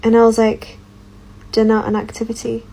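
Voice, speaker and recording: A woman with a fairly high voice tells a dating anecdote in a casual way. Her wry, amused tone keeps the delivery light. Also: monotone, moderate pace, gravelly, dark tone, rough recording. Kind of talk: casual storytelling.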